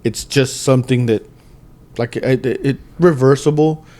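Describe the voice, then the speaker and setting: A man's voice: mid-range voice, steady tone, moderate pace, dark tone. A man in his thirties hosting a podcast, talking in a rambling, casual way with lots of swearing and filler words. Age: 30s. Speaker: podcast host. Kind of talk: casual chat.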